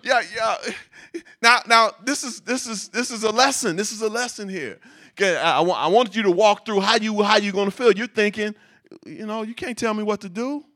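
Preaching at a moderate pace, this man has a high voice; he reads scripture aloud and then bursts into animated, laughing digressions, doubling up words to drive his points home.

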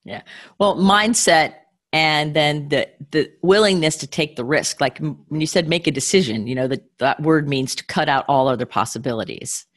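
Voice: mid-range voice, moderate pace, fairly bright tone. Encouraging interview host. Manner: encouraging, eager affirmations. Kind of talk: casual interview chat.

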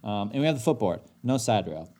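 A man's voice: on the low side, brisk. A man co-hosting a podcast, telling a story in casual chat and getting worked up as he goes. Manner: animated, gets worked up, mimics others in his story. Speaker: podcast co-host.

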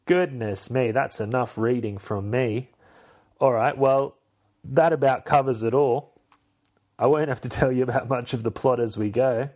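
A man's voice: medium pitch, normal speed, darkish tone. A young man, hosting a podcast and recapping a film in a rambling, self-mocking way. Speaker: podcast host. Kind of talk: casual chat recapping a film.

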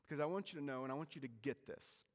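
A man preaching a sermon, telling the story with lively energy and dropping to a hushed voice at times. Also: mid-range voice, very fast. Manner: animated storytelling preacher, swings from loud to hushed. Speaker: pastor. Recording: reverberant hall.

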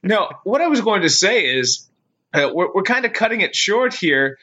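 A man's voice: high voice, very animated, normal speed, bright, forceful tone. A middle-aged man co-hosting a podcast in casual chat, laughing often and swearing casually. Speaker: podcast co-host. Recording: dull lo-fi podcast audio.

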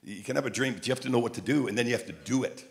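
Animated male preacher telling stories. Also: mid-range voice, racing, creaky. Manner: animated storyteller, repeats phrases in a chant. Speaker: traveling preacher. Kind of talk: sermon with storytelling.

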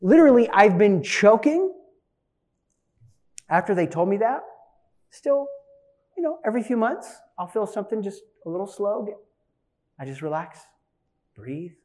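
A man in his forties preaching from the pulpit with a fairly high voice. He tells stories with animated energy and jumps from loud, punchy bursts to quiet, hushed asides. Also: moderate pace, long pauses. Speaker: pastor. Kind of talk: sermon with personal storytelling.

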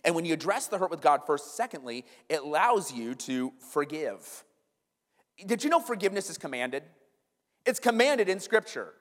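Brief: earnest male pastor, slightly raised pitch, conversational sermon style, reverberant hall. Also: very animated, moderate pace. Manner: earnest, conversational preaching with rhetorical questions and acted-out quotes.

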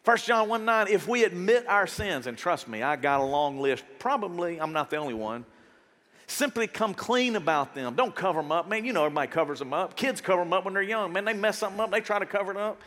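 A man preaching a sermon as pastor, conversational and animated, firing off rhetorical questions and acting out the voices of the people in his story. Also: sits high, quick pace. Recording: reverberant hall sound.

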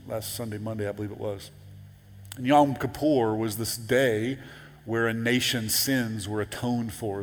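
Echoing through a large church sanctuary, a medium-pitched male voice delivers a sermon. The pastor keeps it conversational, restarting and repeating himself, then occasionally builds to forceful, emphatic high points.

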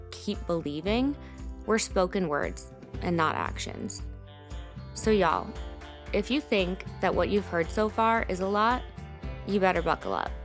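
A woman hosting a podcast, telling a personal story in a candid, emotional way with frequent swearing. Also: fairly low pitch.

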